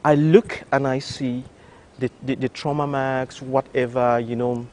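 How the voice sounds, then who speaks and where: An older man, a doctor from Cameroon, telling an interviewer his story, animated and full of restarts. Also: mid-range voice, unhurried, background noise. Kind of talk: recounting a personal story. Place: television studio.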